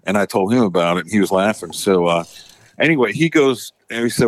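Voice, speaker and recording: A man's voice: on the low side, fairly quick, dry recording. A man, a former tow truck driver, telling a rambling, profane story full of fillers and restarts. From Florida Panhandle, US. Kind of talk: casual storytelling.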